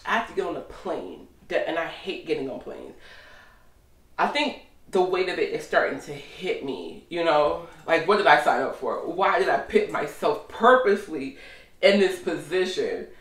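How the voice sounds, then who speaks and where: A chatty woman talking through her week in a casual vlog, animated and open. She sits a bit back from the mic in a roomy, echoey space. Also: low-pitched, normal speed, recorded from a distance. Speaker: vlogger.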